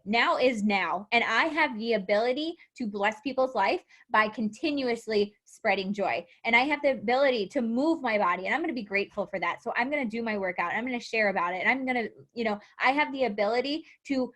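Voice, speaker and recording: A young woman gives a motivational live talk to her coaching team. Her voice sits a little high, and she stays animated, acting out quotes and laughing often. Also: fairly quick, hardly any pauses. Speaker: fitness coach.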